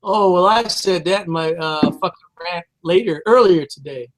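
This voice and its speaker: A man's voice: high-pitched, moderate pace. A man in his fifties co-hosting a podcast, ranting heatedly and swearing constantly. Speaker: podcast co-host. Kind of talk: casual profane chat.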